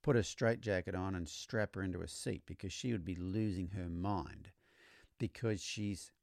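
A man hosting a podcast, explaining horse training in a relaxed storytelling way, often repeating words as he restarts. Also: deep voice, moderate pace, creaky, no echo, clean studio sound. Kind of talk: conversational teaching monologue.

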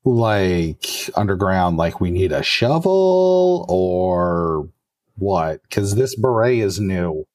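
A man voicing a flighty, scatterbrained young female vampire in a squeaky falsetto. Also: very animated, slow, a little mellow, no room sound, studio quality, heavily acted. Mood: bubbly, ditzy.

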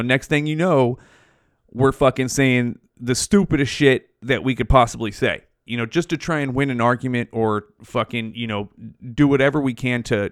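A man's voice: mid-range voice, smooth, no echo. Profane rambling man, dry close sound. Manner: profane, rambling, goes off on tangents. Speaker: podcast host. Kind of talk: casual solo podcast rant.

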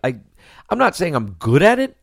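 A man's voice: a little high, sing-song, brisk, gravelly, no room sound, clean studio sound. A man co-hosting a podcast in casual chat, jokey and now and then breaking into song. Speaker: podcast co-host.

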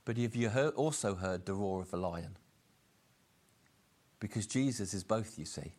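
A man preaching a sermon earnestly, slowing down to stress key lines. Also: lowish voice, a little mellow. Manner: earnest, slows down for emphasis.

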